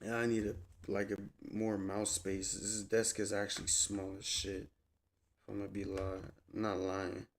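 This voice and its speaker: A man streaming from a small home desk, chatting to viewers in a slangy, profane, rambling way into a desk mic, sometimes yelling at a friend. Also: lowish voice, monotone, unhurried, a little hiss or hum. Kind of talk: casual live-stream chat. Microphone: desk mic on a soundboard.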